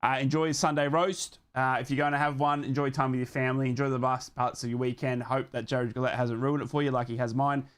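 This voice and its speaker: An Australian man hosting a live football watchalong, calling the match with loud fan excitement and giving slangy thank-yous to his viewers. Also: mid-range voice, fast, hardly any pauses, clear, resonant tone. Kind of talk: live fan commentary and stream sign-off.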